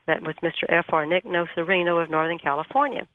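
A woman guest on a radio talk show, retelling her story in a folksy, animated way over the telephone. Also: fairly low pitch, fast talker, no room sound. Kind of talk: storytelling on a call-in interview. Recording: tinny phone line.

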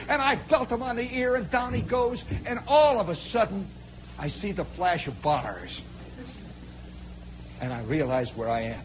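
Animated high-voiced male storyteller. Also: noisy background. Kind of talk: spoken storytelling monologue.

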